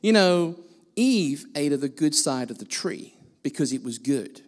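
A man's voice: a little high, very animated, unhurried, big-room sound. A man preaching a sermon as a guest speaker in a church, blunt and self-mocking in his delivery. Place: church hall.

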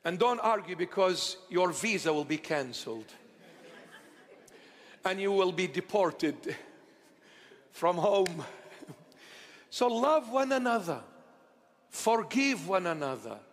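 Preacher, male, affectionate and playful, bursts out loud at times, voice higher than usual, echoing church hall. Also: big pitch swings, slow pace, pauses often. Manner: tender, playful preaching with sudden loud outbursts. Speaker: bishop. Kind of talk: sermon.

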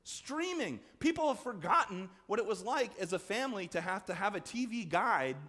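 A man preaching a sermon as pastor, conversational and animated, acting out voices in the story. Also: moderate pace. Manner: conversational, acts out quoted voices with big swings in pitch and loudness. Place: church sanctuary. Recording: long church reverb.

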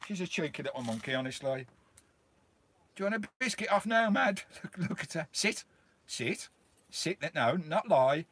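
A chatty middle-aged man from the UK hosts a casual live stream outside his campervan. He talks into a handheld camera, greets each viewer like an old mate, and his voice sits a little on the high side. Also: lively intonation, moderate pace, a bit bright, breathy edge. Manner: chatty and friendly, greets viewers by name, calls them mate. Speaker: vlogger hosting a live stream.

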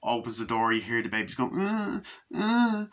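A man reviewing a film in a casual, excited way, swearing often and acting out quoted lines, with a husky voice. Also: on the low side, quick pace. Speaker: movie reviewer.

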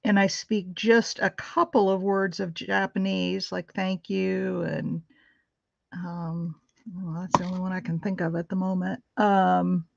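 Middle-aged woman, crafty livestream host, slow and gravelly, dry and slightly dull sound. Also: fairly low pitch, little pitch movement, no room sound. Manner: chatty, apologetic and rambling, laughs easily. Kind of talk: casual chat with live viewers while crafting. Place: home craft room.

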